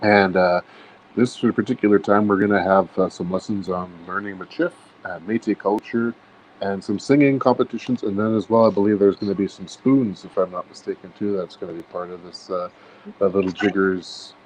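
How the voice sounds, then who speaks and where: A low-voiced man hosts a live online event. He chats casually and stumbles through his lines with fillers. A faint hiss sits under his voice. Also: normal speed, poor audio. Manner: relaxed, chatty, with hesitant fillers. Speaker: host. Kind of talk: casual live-stream hosting.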